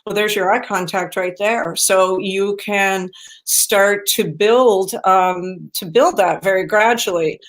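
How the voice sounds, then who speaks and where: A woman's voice: mid-range voice, fairly even intonation, slow. A middle-aged woman dog trainer talking casually, with many ums and you-knows, now and then acting out what her dogs might say. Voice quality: chatty, many fillers, acts out dog voices. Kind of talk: casual chat.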